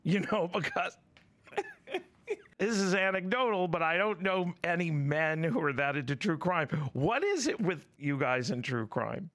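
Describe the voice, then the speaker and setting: An interview host asking relaxed, curious questions and laughing easily. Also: mid-range voice, measured pace, no room sound. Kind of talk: conversational interview.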